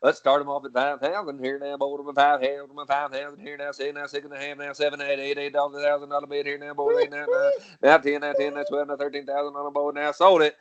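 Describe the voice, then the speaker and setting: A man's voice: a little high, monotone, fast talker, highs cut off, natural voice. A man doing a rattling auctioneer chant. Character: rapid-fire male livestock-style auctioneer. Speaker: podcast co-host.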